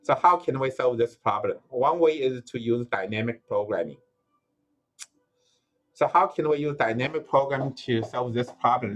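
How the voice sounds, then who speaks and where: Man lecturing, thinking aloud. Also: medium pitch. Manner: thinking aloud with frequent "uh" and self-corrections. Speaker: university lecturer. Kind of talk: recorded lecture.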